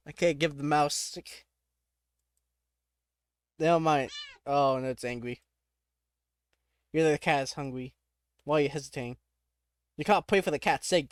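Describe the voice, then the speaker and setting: Playing a text adventure, a man reads the on-screen text aloud and reacts in a relaxed way, laughing a lot and stopping short with startled cries. His voice is on the high side, and the studio-quality recording has no echo.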